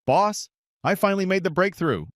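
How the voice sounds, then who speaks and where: A man's voice: medium pitch, animated, moderate pace, dry recording, studio quality, lightly acted. A man voicing a brash, cocky young male warrior in a recap story. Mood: proud. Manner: boastful, pushy.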